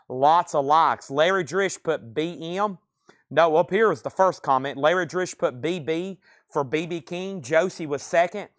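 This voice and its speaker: Male auctioneer, brisk sales patter, slightly high voice. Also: fairly bright tone. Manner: brisk salesman patter, calling prices and bids. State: out of breath. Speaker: livestream record auctioneer. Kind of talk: live sales stream patter.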